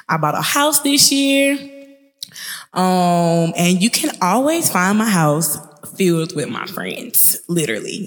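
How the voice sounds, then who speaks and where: Chatty Mississippi-accented young woman. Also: lowish voice. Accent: Mississippi Southern. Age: 20s. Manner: chatty, upbeat, speeds up when excited. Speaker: podcast host. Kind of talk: casual podcast monologue. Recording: long reverb.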